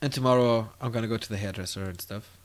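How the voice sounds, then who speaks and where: A man casting a strategy game on his own, calling the action in quick play-by-play and rambling casually to viewers between games. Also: on the low side. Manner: excitable play-by-play, drifting into loose rambling asides between games. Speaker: esports caster. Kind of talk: solo game commentary with casual chat.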